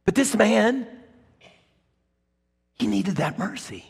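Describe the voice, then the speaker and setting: A man's voice: high voice, wildly swooping pitch, slow pace, creaky, husky. A man preaching a sermon as a pastor, dramatic, crying out quoted lines at full voice. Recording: long hall reverb.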